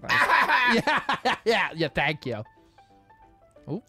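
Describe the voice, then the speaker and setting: A man chatting and teasing his friends while playing on a livestream, excitable in the game. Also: sits high, very slow, gravelly, husky, faint music behind. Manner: joking, teasing, excitable during play. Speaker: streamer and gamer. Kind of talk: casual livestream chat.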